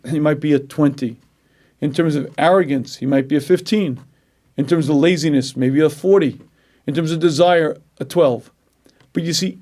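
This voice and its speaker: Man, Torah lecturer, slightly high voice, clears throat often, animated teaching. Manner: animated, acts out inner voices. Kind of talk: Jewish ethics lecture.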